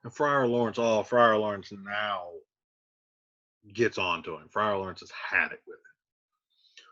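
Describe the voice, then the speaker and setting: A man's voice: on the low side, slow pace, long pauses, bright, forceful tone, lo-fi sound. A man teaching, casually explaining a play in plain modern words.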